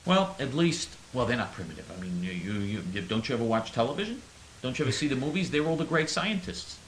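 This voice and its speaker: A man's voice: medium pitch, big pitch swings, quick pace, fairly bright tone, echoey room, slight background noise, rough recording. Sarcastic rambling male host. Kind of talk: satirical radio monologue.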